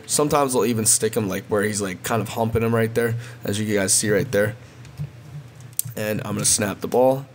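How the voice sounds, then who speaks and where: Casual man with a lowish voice, gameplay tutorial, faint hiss behind. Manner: repetitive, addresses viewers as guys. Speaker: gaming video creator.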